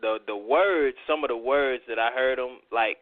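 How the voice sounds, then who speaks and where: A man's voice: mid-range voice, moderate pace, no echo. Hesitant man talking over a phone line. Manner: loose, hesitant, many fillers. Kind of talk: casual radio round-table chat. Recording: dry tinny phone line.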